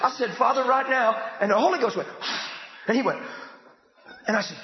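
High-voiced fervent male preacher in echoey church. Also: moderate pace, pauses often. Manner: fervent, shouting bursts. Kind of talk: sermon. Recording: echoey church hall, dull lo-fi.

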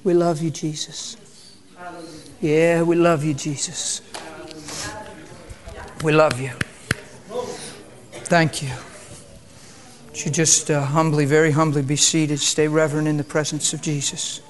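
A man leads a sermon in a hushed, reverent manner, calm and subdued. His voice sits a little higher than most men's. He drifts in and out of prayer. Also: slow, long pauses. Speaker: preacher.

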